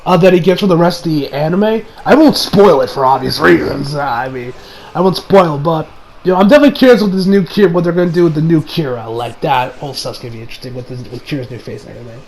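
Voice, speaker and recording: High-voiced man, rambling anime reviewer. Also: animated, fast, darkish tone, low-quality recording. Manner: rambling, many fillers, frequent swearing. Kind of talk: casual video review.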